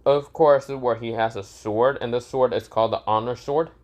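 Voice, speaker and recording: A man's voice: medium pitch, steady tone, brisk, a little mellow. Rambling young male storyteller. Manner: rambling, many fillers and self-corrections. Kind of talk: casual fan story narration.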